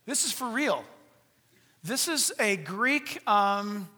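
A man preaching a sermon as a pastor, animated, now and then mimicking voices in a high shout. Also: takes it slowly, slightly rough. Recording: long hall reverb.

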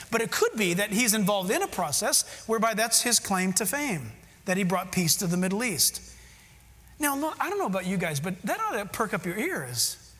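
A man preaches a sermon in a very high, bright, forceful voice. He talks emphatically and puts direct questions to his listeners. The sound carries a long hall reverb. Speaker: pastor.

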